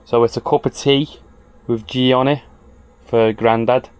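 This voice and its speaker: A man's voice: medium pitch, fairly even intonation, measured pace, clear, resonant tone. A young man, chatting casually to camera in a campervan, rambling with lots of fillers. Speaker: travel vlogger. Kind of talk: casual vlog chat to camera. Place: inside a small campervan.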